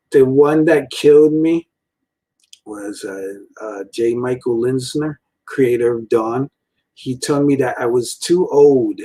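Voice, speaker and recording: A man's voice: medium pitch, mellow, husky, poor audio. A man in his forties giving a casual, meandering rant from a room at home, full of fillers and frequent chuckles. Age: 40s. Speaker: toy and cartoon reviewer.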